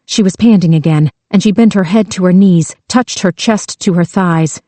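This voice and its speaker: A woman narrating a thriller audiobook with a slow, tense delivery. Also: lowish voice, dark tone, no room sound.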